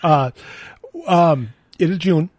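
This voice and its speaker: A man hosting a casual radio interview, friendly and halting, with many fillers. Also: a little high, darkish tone, dry recording. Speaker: radio host.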